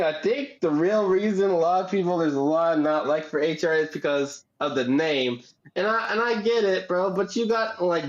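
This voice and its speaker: High-voiced talkative man. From Wisconsin. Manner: animated, laughing, slangy storyteller. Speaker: guest breeder. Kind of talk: casual podcast chat. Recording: dull lo-fi audio.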